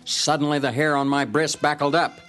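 A man's voice: fairly high pitch, level tone, brisk, fairly bright tone, soft background music. A man narrating a story in character as a cocksure male ranch dog, in a folksy, self-important manner.

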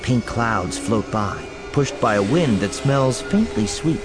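A man narrating a story chapter in an expressive, playful way. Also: medium pitch, slow. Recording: background music under the voice.

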